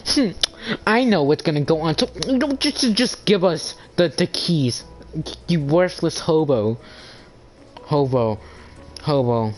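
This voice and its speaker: Guy doing a squeaky bossy girl voice, smug and high, hands-on-hips know-it-all. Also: lively intonation, slow pace, pauses often, a little mellow, slight background noise. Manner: smug, condescending.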